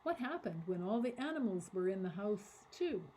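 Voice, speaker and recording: A woman reading a story aloud to children in an animated, dramatic way, giving voices to the characters. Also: medium pitch, moderate pace, slight background noise, low-quality recording. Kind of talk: expressive read-aloud storytelling.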